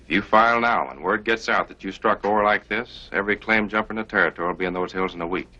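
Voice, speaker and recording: A low, husky scheming partner. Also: male voice, pushed and bright. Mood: persuasive. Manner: persuasive, measured reasoning. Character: scheming calculating male partner, smooth-talking. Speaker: prospector's new partner. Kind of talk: 1950s film acting. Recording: dull old film soundtrack.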